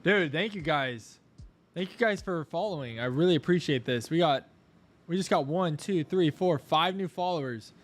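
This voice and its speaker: A young man live-streaming his crypto trading, chatting casually, thanking viewers and coaxing the price chart out loud. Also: a little high, expressive, moderate pace.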